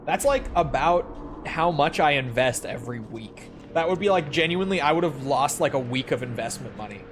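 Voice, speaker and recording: A man's voice: a little high, lively intonation, moderate pace, a little hiss or hum. A man giving casual gameplay commentary, chatty and joking as he thinks aloud. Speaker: gaming video creator.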